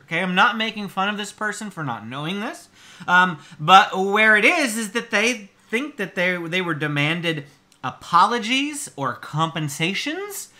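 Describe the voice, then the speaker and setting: A man's voice: high-pitched, bright, forceful tone. A man hosting a theme park channel, reacting to reviews in casual, chatty commentary. He explains at length, with an exasperated edge and plenty of fillers.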